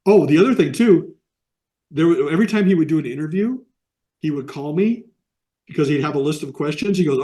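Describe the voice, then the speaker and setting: His voice sits on the high side and sounds mellow, brisk, and expressive. He's a middle-aged animation artist from the Midwest, rambling through anecdotes with quoted voices as a guest in a casual video-call interview.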